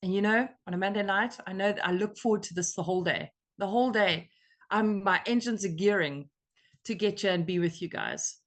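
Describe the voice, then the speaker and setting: An American woman leads a recovery meeting over a video call. She shares in an earnest, emotional way, with lively swings in her voice as she speaks. Her voice sits at an average pitch. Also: brisk. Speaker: meeting leader.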